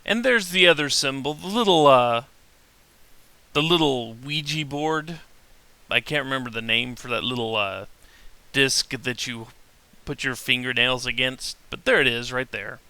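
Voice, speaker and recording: A man hosting a let's play, explaining the game step by step in a relaxed, casual way. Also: medium pitch, a little slow, clean tone. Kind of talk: casual gameplay commentary. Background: game music.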